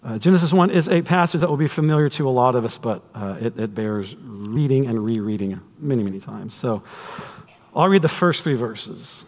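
Man, pastor, sermon, conversational, animated, husky, long church reverb. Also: medium pitch, normal speed. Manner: conversational, animated preaching with asides.

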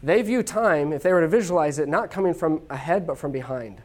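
A lecturer from the United States, giving an informal classroom talk in a chatty way, with quick asides and checks like "okay?". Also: mid-range voice, a little mellow.

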